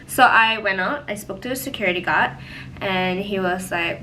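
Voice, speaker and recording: A young woman telling a personal story in a casual, animated way, full of "like" fillers. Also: medium pitch, normal speed, slight background noise, low-quality recording. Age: young adult. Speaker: vlogger. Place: home, indoors.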